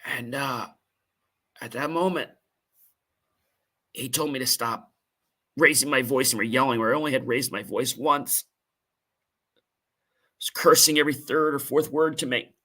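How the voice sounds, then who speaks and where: Male podcast host, husky and bright, earnest emotional storyteller, halting delivery. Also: medium pitch. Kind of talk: personal storytelling monologue.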